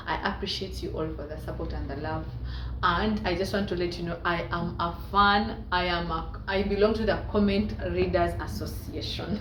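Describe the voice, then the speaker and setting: A woman's voice: medium pitch, moderate pace. A Ugandan woman with a Ugandan accent, chatting playfully to camera as a vlogger and laughing often. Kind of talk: casual commentary to camera. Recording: echoey room with faint ambient noise.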